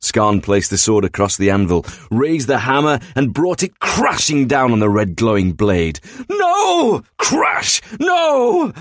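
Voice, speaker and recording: A man reading a story aloud in steady, descriptive narration. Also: fairly low pitch, normal speed, hardly any pauses, dry recording, studio quality.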